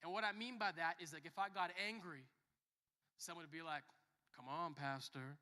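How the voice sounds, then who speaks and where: A young man preaching a sermon as a pastor, joking and telling stories, swinging from quiet to loud. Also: high voice, fairly quick. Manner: lively, joking storyteller who shifts between soft and loud. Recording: long reverb of a church hall.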